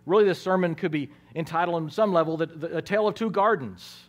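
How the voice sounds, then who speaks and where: A pastor preaching a sermon, swinging between hushed, quiet lines and loud, emphatic ones, and sometimes repeating words as he restarts a phrase. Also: a little high, fast.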